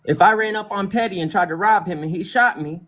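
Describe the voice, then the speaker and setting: Male stream guest, higher-pitched voice, earnest and explanatory. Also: fairly quick, fairly bright tone. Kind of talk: casual livestream chat.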